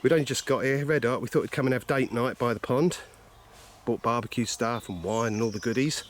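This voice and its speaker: A man's voice: mid-range voice, fairly quick. A man chatting casually and joking about himself while carp fishing outdoors, filming on a handheld camcorder. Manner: chatty, jokey, self-mocking. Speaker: carp angler vlogger. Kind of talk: casual outdoor vlog chat. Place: outdoors by a lake.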